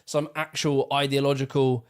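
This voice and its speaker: A man speaking in a measured, explanatory way, giving casual political commentary. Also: medium pitch, flat delivery, clean tone.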